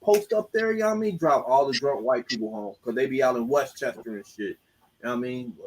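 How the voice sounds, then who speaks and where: A man's voice: mid-range voice, fairly quick, crowd noise, low-quality recording. A man co-hosting a podcast, telling a story in loose, joking, slangy talk. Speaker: podcast co-host. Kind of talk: casual chat.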